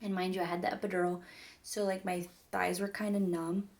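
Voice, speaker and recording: A woman's voice: fairly low pitch, level tone, brisk, darkish tone. A young woman telling a personal story to her viewers in a chatty, rambling way, full of "like" and "mind you guys". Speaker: vlogger. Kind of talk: casual storytelling to camera.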